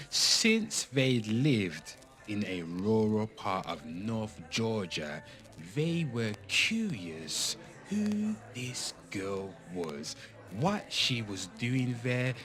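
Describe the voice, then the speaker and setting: A man hosting a show where he reads confessions aloud in a theatrical, dramatic way, jumping from loud declarations to hushed whispers and dropping in jokey asides. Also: lowish voice, wildly swooping pitch, drawn-out words. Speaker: host reading confessions. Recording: background music under the voice.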